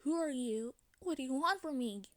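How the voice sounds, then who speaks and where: A woman voicing a kind, soft-hearted young female mermaid who drawls and says y'all, in a fan voice-acting story. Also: high voice, animated, normal speed, no room sound, clean studio sound. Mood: sad, troubled.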